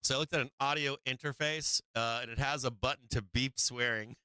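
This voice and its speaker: A Boston man hosts a live market stream, rambling in casual chat and often laughing at himself. His medium-pitched voice is fairly quick, bright, forceful, clear and resonant, with fairly even intonation. The dry recording comes from a streaming microphone on an arm.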